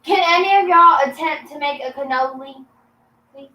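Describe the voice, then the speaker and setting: A woman's voice: sits high, normal speed, pushed and bright. A woman co-hosting a family cooking livestream, playful and teasing as she talks. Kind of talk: casual livestream chat. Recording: echoey room, distant from the mic.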